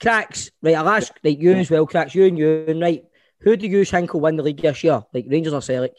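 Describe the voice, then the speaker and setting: A man's voice: on the high side, brisk, dry recording, clean studio sound. A Scottish man co-hosting a football podcast, enthusiastic and matey in casual chat. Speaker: podcast co-host.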